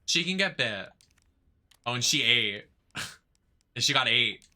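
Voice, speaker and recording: A man's voice: mid-range voice, animated, a little slow, pushed and bright. A man who streams games and performs in drag, giving chatty, campy commentary that rambles with lots of fillers. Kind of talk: casual gameplay commentary.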